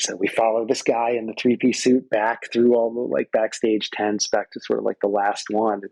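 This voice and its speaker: A man's voice: lowish voice, fairly even intonation, moderate pace, gravelly, a little mellow, husky, dry recording, poor audio. A man and guest musician telling loose, profane anecdotes in casual conversation on a close microphone. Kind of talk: casual storytelling.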